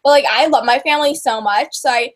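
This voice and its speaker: A woman's voice: high voice, quick pace. A teenage girl co-hosting a casual livestream chat, gushing and giggly, full of fillers. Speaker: co-host.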